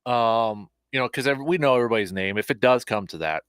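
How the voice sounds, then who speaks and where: A man's voice: medium pitch, animated, fast talker, fairly bright tone, clear, resonant tone, dry recording, clean studio sound. A man hosting a casual sports talk show. He rambles a bit, with plenty of fillers and restarts. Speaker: host.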